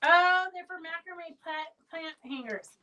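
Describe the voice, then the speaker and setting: High bright-voiced woman calling auction winners. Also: unhurried, recorded from a distance, poor audio. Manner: chatty, rambling, calling out winners' names. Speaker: fabric shop owner hosting a live sale. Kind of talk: live sale stream, casual chat and auction calling. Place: indoor fabric shop.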